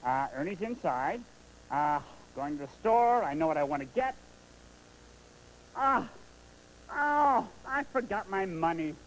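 A man's voice: high-pitched, very animated, unhurried, long pauses, a little hiss or hum, poor audio. A man voicing Bert, a fussy, easily exasperated male puppet roommate with a nasal, fretful voice in a children's TV puppet sketch. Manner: nasal, fretful, spirals into frantic yelling.

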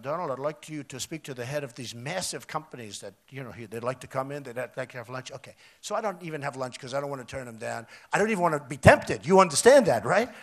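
An older man with a New York accent speaks at a podium microphone in a rambling rally style. His fairly high voice repeats itself, jumping from loud, emphatic bursts to quiet, confiding asides. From United States. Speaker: political candidate. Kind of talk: rally speech. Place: outdoor resort rally.

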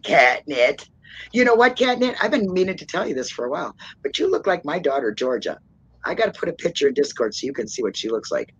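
Rambling lo-fi woman with a lively voice. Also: on the low side, brisk, breathy edge. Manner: rambling, self-described loudmouth, laughs often. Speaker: stream host. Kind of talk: casual livestream chat.

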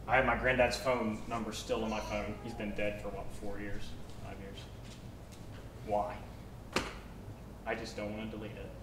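A young male preacher delivering a sermon with a bright, forward voice pitched a touch high. He shifts between loud emphatic urging and soft, quiet asides. The sound carries the echo of a church hall. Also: slight background noise. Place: church sanctuary.

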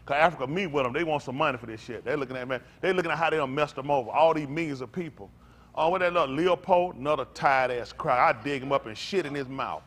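An older man preaching a fiery, profane rant as pastor, swinging from loud outbursts to low tired mutters. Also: fast.

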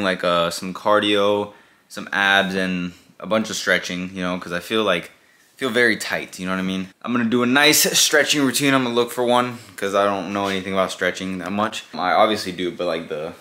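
A young man vlogs about his day in a loose, rambling way, full of little fillers. His voice sits fairly low but has a bright, forward edge. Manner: rambling, many fillers like "like" and "you know". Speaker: family vlogger. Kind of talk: casual vlog talk to camera.

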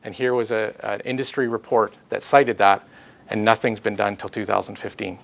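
A man giving a public talk with slides, presenting his research in a halting way with many fillers and restarts. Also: fairly low pitch, level tone, creaky.

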